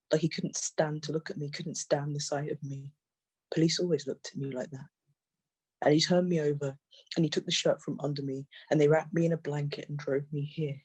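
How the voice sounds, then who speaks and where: A poet reading their own poems aloud in a measured, intense way, often repeating phrases. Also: mid-range voice, a little mellow, breathy edge. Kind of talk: poetry reading.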